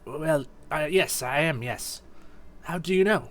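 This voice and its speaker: A man's voice: on the high side, measured pace, fairly bright tone, pitched above the performer's own voice. A man voicing a young male ghost creature from a game, hesitant and polite, close to his own voice. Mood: unsure. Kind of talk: voicing game dialogue on stream.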